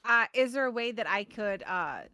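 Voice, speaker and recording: Woman player, bright and slightly high voice, hesitant while planning moves. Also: expressive, normal speed. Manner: thinking aloud, hesitant with restarts. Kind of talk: tabletop role-play.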